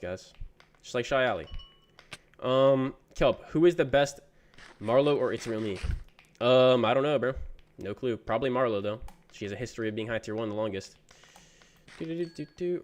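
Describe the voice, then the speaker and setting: A young man on a gaming livestream, his voice sitting in an everyday middle pitch. He reads viewers' messages out loud and answers them with easygoing slang, calling people "bro" often. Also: brisk. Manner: laid-back, reads chat messages aloud and answers them. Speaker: gaming streamer. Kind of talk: casual livestream chat.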